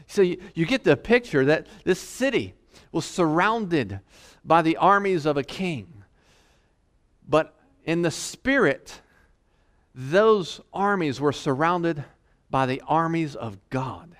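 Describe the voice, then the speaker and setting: Exhorting male preacher, slightly high voice. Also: lively intonation. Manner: exhorting, repeats words, reads scripture slowly. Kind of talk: sermon.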